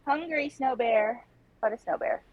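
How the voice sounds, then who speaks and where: Playful higher-voiced woman crafting. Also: a little slow, highs cut off. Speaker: co-host making paper crafts. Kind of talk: casual chat.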